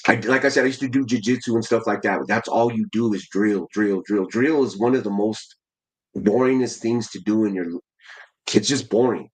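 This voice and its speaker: A man's voice: on the low side, rough recording. A man in his forties telling his story in a casual interview, slangy and full of restarts, calling the host "bro" again and again. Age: 40s. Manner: slangy, keeps saying "bro", many restarts. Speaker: amateur heavyweight boxer, guest.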